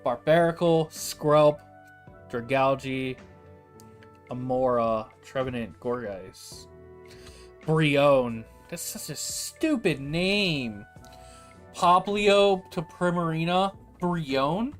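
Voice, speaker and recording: Young male streamer, lively reactions, light music bed. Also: on the high side, drawn-out words. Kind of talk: casual livestream chat.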